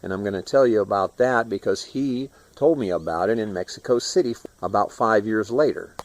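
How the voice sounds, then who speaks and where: A man's voice: on the low side, a little fast. Rambling older man telling a story. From Florida. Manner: loose and rambling, acts out the raised voices of the people he quotes. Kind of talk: rambling first-person storytelling.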